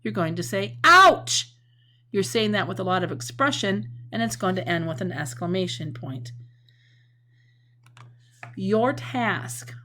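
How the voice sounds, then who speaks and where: A woman's voice: medium pitch, a little slow, pauses often. A woman teacher giving a recorded lesson, explaining patiently and acting out example sentences with feeling.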